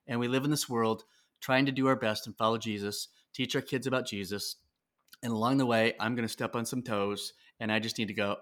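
A middle-aged man, a podcast guest, talking earnestly about parenting with halting restarts. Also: mid-range voice, fairly even intonation, a bit bright. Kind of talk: casual podcast conversation.

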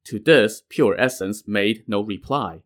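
A man narrating a classic novel in an even, plain-spoken way as a storyteller. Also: on the low side, a little slow.

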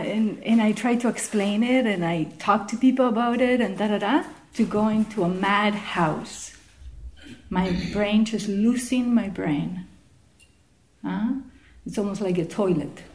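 A woman telling a group about her experiences, animated and searching for words, sometimes out of breath. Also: mid-range voice. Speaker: participant sharing experience. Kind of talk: spontaneous personal account.

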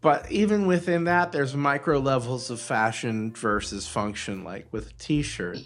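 A man's voice: medium pitch, a little slow, faint music behind. A man co-hosting a podcast, riffing in a wry, self-mocking way in casual chat. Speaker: podcast co-host.

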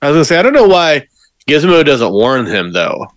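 A man's voice: on the high side, sing-song, fairly quick, no room sound. Man chiming in on a podcast. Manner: chimes in with short remarks and questions. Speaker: podcast co-host. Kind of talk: casual chat.

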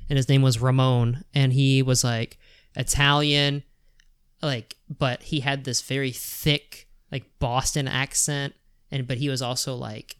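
A man's voice: medium pitch, flat delivery, unhurried, a bit bright, smooth, no echo, studio quality. A man co-hosting a podcast, chatting casually about films and rambling with many fillers. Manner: rambling, full of "like" and "um", laughs often. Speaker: podcast co-host.

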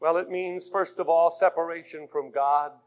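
A man preaching a sermon, swinging between fervent shouts and hushed, intimate passages. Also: a little high, fairly even intonation, normal speed. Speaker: pastor. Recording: muffled lo-fi 1980s tape.

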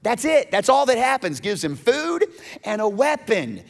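A male pastor preaching a sermon, animated and emphatic, often restarting his words. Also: very high voice, unhurried, vocal fry.

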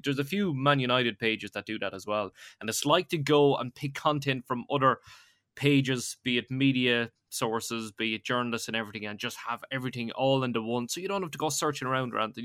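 An Irish man hosting a podcast in casual chat, telling stories in an animated way and laughing often. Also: mid-range voice, no echo, clean studio sound. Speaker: podcast host.

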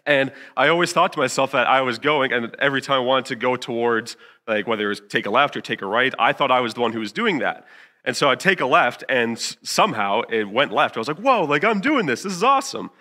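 A man in his twenties giving a casual church sermon, candid and chatty, filling gaps with fillers and acting out his own past lines with big jumps in pitch. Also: fast, bright, forceful tone. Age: 20s. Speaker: youth pastor.

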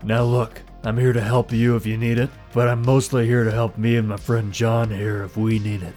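A gruff female mercenary who speaks slowly and leans on every threat, played by a man. His voice is congested and sits mid-range, and soft music sits underneath. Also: mid-range voice, flat delivery, natural voice. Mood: intimidating. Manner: slow, gravelly tough-talk. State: congested from a cold. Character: tough female mercenary Tina, gruff and slow.

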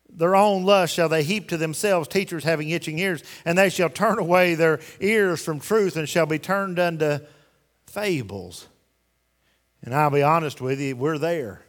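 Folksy and emphatic, this pastor throws rhetorical questions at his congregation during a sermon in a church sanctuary. His voice is high and a bit bright, and the recording carries long hall reverb.

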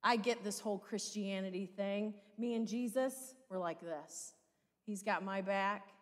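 A woman's voice: mid-range voice, a little slow. A woman pastor with a Midwestern American accent, preaching a sermon in a conversational style full of rhetorical questions. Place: church sanctuary. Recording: long church reverb.

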